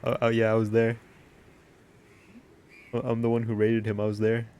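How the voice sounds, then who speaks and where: A man's voice: fairly low pitch, monotone, normal speed, a little mellow, clean tone. A man streaming a video game, joking and rambling in casual commentary and laughing often.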